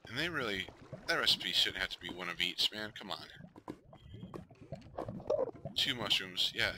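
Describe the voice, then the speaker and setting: Low-voiced man muttering through gameplay. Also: animated, measured pace, background noise. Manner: talks to himself, mutters, flares up in frustration. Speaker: gamer streaming a survival game. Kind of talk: casual gameplay commentary.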